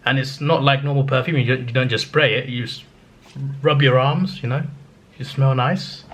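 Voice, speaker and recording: A man's voice: mid-range voice, moderate pace. A young man from England, telling a travel story in a chatty, laughing way with stammered restarts. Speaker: vlogger. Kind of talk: casual storytelling.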